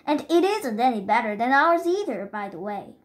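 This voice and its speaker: A woman's voice: on the high side, big pitch swings, normal speed. A woman reading the lines of a flustered, exasperated middle-aged father in a storybook.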